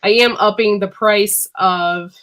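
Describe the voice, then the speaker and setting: A woman's voice: medium pitch, fairly even intonation, slow, a bit bright. A woman hosting a casual live-stream chat from home, sick and coughing, chatty and laughing often. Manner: chatty, laughing, says freaking a lot. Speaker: host.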